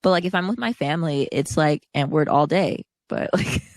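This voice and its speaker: A woman's voice: sits low, normal speed, dry recording, clean studio sound. A woman co-hosting a podcast in casual chat, rambling and hedging with many fillers. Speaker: podcast co-host.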